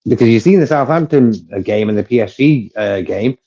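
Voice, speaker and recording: A man's voice: mid-range voice, animated, a little fast, mellow, muffled recording. A man co-hosting a fan livestream in casual chat, rambling, repeating himself and laughing often.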